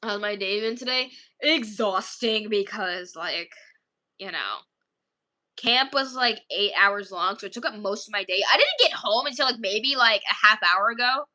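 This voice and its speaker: Chatting casually with her viewers, a woman speaks at normal speed in an animated, medium-pitched voice that sounds pushed and bright. She tells rambling, filler-heavy stories and giggles a lot.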